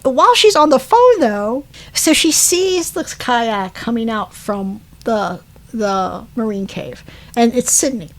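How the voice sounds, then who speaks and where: A woman's voice: fairly high pitch, expressive, slow. A woman casually recapping a movie plot, rambling with fillers, self-corrections and laughing asides. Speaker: podcast co-host.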